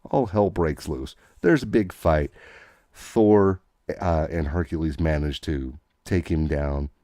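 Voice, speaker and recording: Male podcast host, very deep and warm, rambling chatty recap, dry. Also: slow, dry recording. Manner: rambling, with many fillers and restarts. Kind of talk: casual chat recapping comics.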